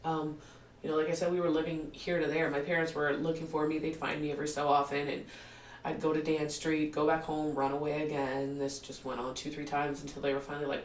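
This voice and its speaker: A woman's voice: low voice, a little fast, slight background noise. A woman in her forties telling her life story as a podcast guest, laughing often and acting out what people said. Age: 40s. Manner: animated storyteller who acts out quotes and laughs often. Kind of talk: casual storytelling in an interview. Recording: roomy, distant mic.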